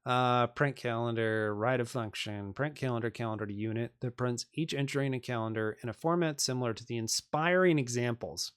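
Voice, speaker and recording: A man's voice: medium pitch, a little fast, hardly any pauses, clean tone. A man on a live stream working through programming exercises, reading them aloud and joking with viewers in a self-deprecating way.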